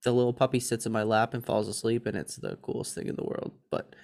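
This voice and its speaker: A man in his thirties co-hosting a podcast, telling a story in a lively, chatty way and mimicking other people's voices. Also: on the low side, quick pace, creaky. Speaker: podcast co-host. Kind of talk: casual chat.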